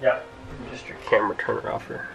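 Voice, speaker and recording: A man's voice: brisk, loud music behind the voice, rough recording. A man giving brief, offhand replies from off-camera.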